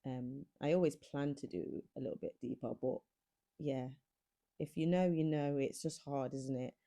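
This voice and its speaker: A woman's voice: extremely low pitch, fairly even intonation, normal speed, mellow. A young woman vlogging to camera, a mum of three chatting casually and self-deprecatingly with lots of ums.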